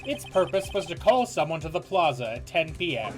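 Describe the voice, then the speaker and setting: A man's voice: on the high side, big pitch swings, brisk. A man voicing a confident young male defense attorney in a fan game reading, with a stiff, formal courtroom delivery. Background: game music.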